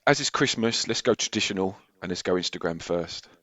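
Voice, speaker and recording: A laid-back, slightly hoarse man co-hosting a podcast in casual chat, laughing often. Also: low-pitched, animated, brisk, bright, forceful tone, dry recording. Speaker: podcast co-host. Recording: dull lo-fi mic.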